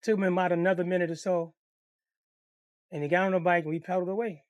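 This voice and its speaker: A man's voice: sits high, fast, no room sound. A man telling a personal story in a casual storytime monologue, swearing freely and acting out the voices of the people in it. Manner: profane, animated, acts out the voices in the story. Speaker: storyteller, channel host.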